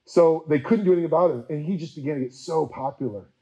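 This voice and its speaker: Male preacher, casual storyteller, chatty with filler words, slightly high pitch, mellow tone. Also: poor audio. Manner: chatty, with many fillers and quick acted-out quotes. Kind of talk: casual history teaching talk.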